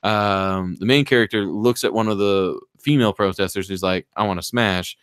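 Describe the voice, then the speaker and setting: Lower-voiced man retelling a movie plot. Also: smooth, dry recording, studio quality. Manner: rambling, animated, drops into quick voices for movie characters. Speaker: podcast host.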